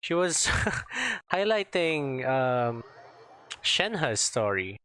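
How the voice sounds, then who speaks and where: A man's voice: a little high, sing-song, extremely slow, pushed and bright. A man streaming a game, chatting casually and rambling as he searches for words. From Philippines. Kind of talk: casual gameplay chat.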